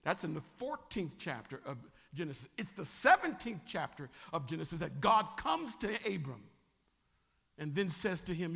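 A man preaching a sermon as a bishop, animated and often asking the congregation whether they are still with him. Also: a little high, normal speed, creaky, breathy edge, long reverb tail.

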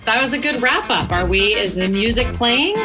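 A woman's voice: on the high side, expressive, moderate pace, over music, poor audio. A woman co-hosting a money podcast in casual chat, chatty with many fillers. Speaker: podcast co-host.

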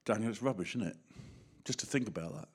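A middle-aged man with an English accent, preaching a sermon in a lively way, speaking straight to the congregation and acting out little voices. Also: fairly low pitch, fast talker, husky. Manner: animated, acts out voices, talks directly to the congregation.

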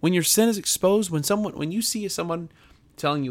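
A man's voice: high voice, a little fast. A man, a pastor, preaching to his podcast audience in an earnest, emphatic way, often repeating himself and restarting phrases.

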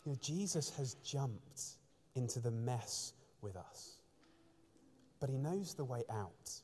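A man's voice: mid-range voice, animated, slow, warm tone, slight background noise. A man preaching a sermon from the front of a church, telling stories earnestly, with frequent restarts. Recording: long church reverb.

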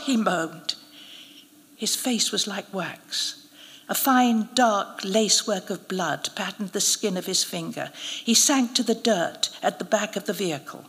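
A woman narrating a literary short story in the first person, in a quiet, measured way, at a live reading. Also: medium pitch. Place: live event venue. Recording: long reverb of a live event hall.

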